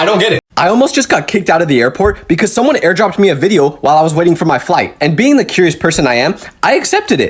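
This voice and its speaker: A young man telling comic stories about everyday mishaps in an animated, exasperated way. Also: on the high side, breathy edge. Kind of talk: comedic storytelling skits.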